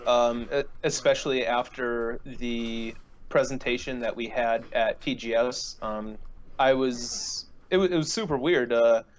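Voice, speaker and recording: A man's voice: medium pitch, measured pace, dull audio. A young man co-hosting a podcast, telling stories in a laid-back, casual way with ums and uhs. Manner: laid-back storytelling with fillers. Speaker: podcast co-host. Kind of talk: casual chat.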